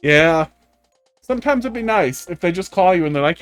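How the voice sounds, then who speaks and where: Male game streamer, slightly high voice, wry rambling storyteller, light background music. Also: animated, normal speed, fairly bright tone, clean tone. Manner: rambling, profane, wry tech anecdotes. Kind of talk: casual live-stream chat. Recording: faint music underneath.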